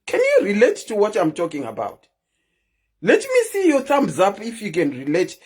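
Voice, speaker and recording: A woman's voice: mid-range voice, wildly swooping pitch, normal speed, darkish tone, breathy edge. A woman hosting a live stream, chatting casually and keeps asking her viewers questions.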